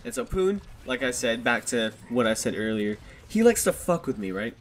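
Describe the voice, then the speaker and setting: In a sing-song, medium-pitched voice at a moderate pace, a twenty-something vlogger rambles through a casual story for his viewers. He swears often and laughs at himself, recorded on a desktop USB microphone with slight background noise.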